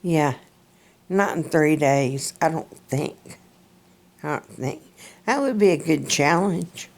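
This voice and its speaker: A woman's voice: sits low, lively intonation, slow pace, creaky, darkish tone. A middle-aged woman from central Alabama with a Southern accent, rambling folksily in a casual vlog chat and laughing often. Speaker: vlogger.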